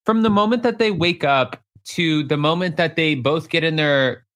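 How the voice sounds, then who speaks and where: A man's voice: on the high side, moderate pace, a bit bright. Give me a casual man host asking curious questions. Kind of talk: casual interview chat.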